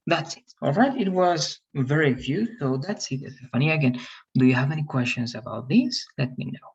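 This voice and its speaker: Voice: mid-range voice, fairly quick, breathy edge, muffled recording. An English teacher on a video call, patiently correcting students' pronunciation and encouraging them. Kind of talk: online class feedback.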